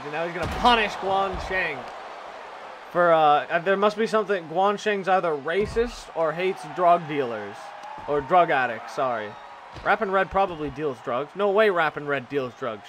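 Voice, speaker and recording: A man doing casual, profane play-by-play commentary of a wrestling video game, excitable and jokey, often shouting and laughing. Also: high voice. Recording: loud crowd and game noise behind. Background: video game arena crowd.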